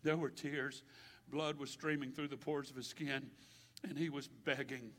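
A male pastor preaching a sermon with passion, his delivery swinging from loud declarations to hushed, quiet stretches. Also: mid-range voice, flat delivery, a little slow. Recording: long hall reverb.

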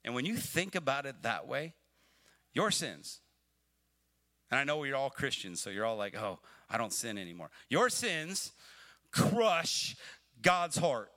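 Bright-voiced man preaching a livestream sermon. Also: sing-song, takes it slowly, long pauses. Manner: conversational preaching that swells to emphatic, pleading highs. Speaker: pastor. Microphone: livestream mic.

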